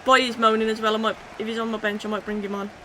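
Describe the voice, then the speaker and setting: A woman hosts a live stream of a football video game. Her voice is bright and forceful. She chats casually with her viewers and yells at the match when it turns exciting. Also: a little high, racing, a little hiss or hum. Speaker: gaming streamer. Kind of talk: live game commentary and chat reading.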